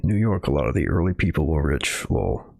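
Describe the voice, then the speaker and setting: A man's voice: sits low, brisk, gravelly, a little mellow, no echo, studio quality. A man streaming from home, reading news headlines and adding rambling, sarcastic asides. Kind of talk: casual livestream commentary.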